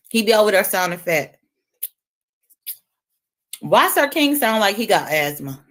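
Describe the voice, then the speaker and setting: A woman livestreamer trash-talks casually and brashly, animated, taunting and cursing as she eats a lemon on stream. Her voice is medium-pitched and unhurried, with long pauses.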